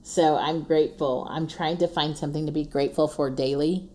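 She speaks a little fast in a deep, dark, steady voice: a 40s-something podcast host offering an earnest, casual faith-based message of encouragement, laughing often and repeating her refrains.

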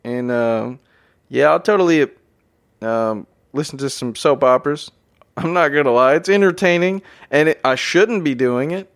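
In a motivational monologue, a man hosting a podcast talks energetically, repeats phrases to stress them, and calls his listeners "guys." His voice is on the high side, and his speed is normal.

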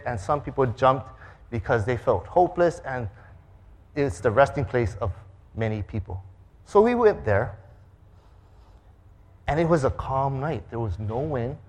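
A man preaching a sermon, telling a story with acted-out sound effects and quoted voices. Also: mid-range voice. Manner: animated, acts out sounds and voices. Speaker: pastor.

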